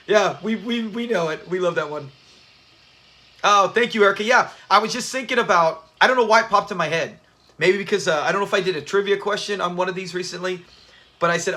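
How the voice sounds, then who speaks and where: A channel host runs a casual livestream watch party, chatting with his viewers and laughing often. His voice sits high with a sharp tone, and he talks a little fast.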